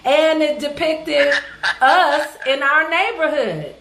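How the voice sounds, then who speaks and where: A woman's voice: sits high, slow, a bit bright. A woman from Los Angeles hosting an interview, speaking in a colloquial, affirming, often laughing way. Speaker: podcast host. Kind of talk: casual interview. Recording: echoey room with faint noise.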